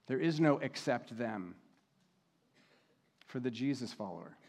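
Measured and steady, this mid-pitched male pastor works through his sermon. He takes the scripture readings more slowly, on purpose.

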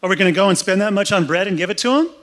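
A man's voice: fairly high pitch, sing-song, quick pace, fairly bright tone. A preacher putting on the voice of sarcastic, complaining male disciples.

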